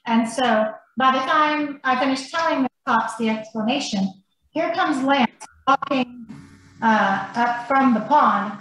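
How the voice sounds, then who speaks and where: A woman on a podcast telling a story in an animated, blunt manner and swearing freely. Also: high voice, slow pace. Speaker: podcast guest. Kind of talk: casual storytelling. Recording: very echoey room, faint noise.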